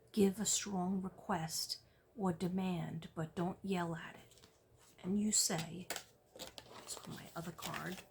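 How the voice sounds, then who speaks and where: A woman giving a psychic reading, soft-spoken and gently reassuring, often dropping to a whisper and checking in with "okay?". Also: lowish voice, vocal fry, a little hiss or hum. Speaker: psychic reader.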